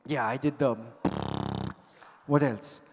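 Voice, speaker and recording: A man's voice: medium pitch, fairly even intonation, slow pace. A man hosting a conference from the stage with a handheld mic, teasing and joking with the crowd in a playful, chatty way. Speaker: event host and emcee. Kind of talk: lively stage hosting with audience banter. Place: large conference hall stage. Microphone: handheld microphone. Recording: long hall reverb, faint music.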